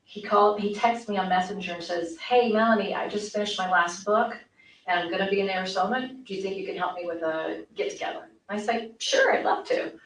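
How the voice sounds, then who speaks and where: A woman's voice: mid-range voice, fairly quick. Rambling woman in an echoey room. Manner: rambling, acts out quoted dialogue. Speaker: interviewee. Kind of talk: recorded interview. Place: interview room. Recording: echoey room from far off, faint noise.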